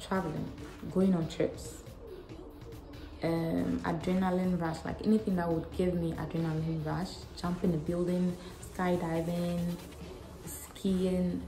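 A woman's voice: fairly low pitch, a little slow. Frank young woman vlogging. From Ghana. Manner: frank, animated, self-mocking. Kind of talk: casual Q&A vlog. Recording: echoey room with faint music.

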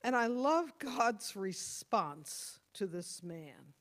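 A woman pastor giving a sermon, earnest and motherly, stressing points hard and then dropping to soft tones. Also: medium pitch, animated, very slow, few pauses. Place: church.

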